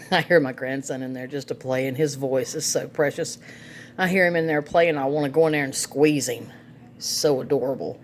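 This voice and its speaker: A woman's voice: very deep voice, normal speed, slight background noise. A middle-aged woman, chatting folksily through a cooking demonstration in her home kitchen and laughing often. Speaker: home cook, vlog host.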